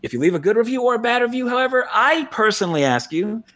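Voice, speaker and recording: A man's voice: very high-pitched, big pitch swings, fast talker, a bit bright. A man in his forties hosting a casual podcast, rambling loosely, with frequent chuckles and restarts. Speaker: podcast host.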